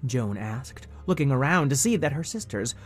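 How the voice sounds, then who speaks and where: A man narrating a children's story in a playful, animated way. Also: medium pitch, moderate pace, soft background music.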